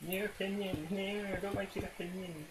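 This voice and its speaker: A man's voice: high voice, flat delivery, normal speed, voice pushed up, natural voice. A man mocking a whiny male online complainer in a sneering sing-song voice. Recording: loud hiss, laptop internal mic.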